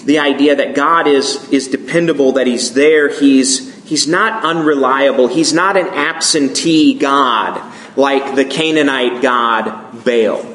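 A man's voice: mid-range voice, slow pace, a bit bright, slight background noise. A man preaching a sermon in a church, earnest and prone to restarting words as he retells scripture stories. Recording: echoey room.

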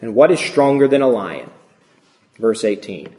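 A man preaching a sermon, retelling a scripture story in a lively way and acting out the characters' lines. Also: fairly low pitch, a little slow, reverberant. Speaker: pastor.

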